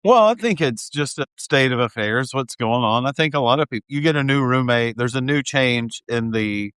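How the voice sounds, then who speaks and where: A man's voice: mid-range voice, lively intonation, normal speed, a bit bright, clean tone, no room sound. A man co-hosting a casual pop culture recap podcast, with wry, easygoing banter. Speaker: podcast co-host.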